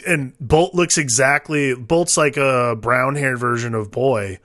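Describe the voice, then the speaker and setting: A man's voice: mid-range voice, slow, a bit bright, dry recording, clean studio sound. A man in his thirties co-hosting a casual film podcast, rambling with many fillers as he talks. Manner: rambling, lots of filler "like", restarts. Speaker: podcast co-host.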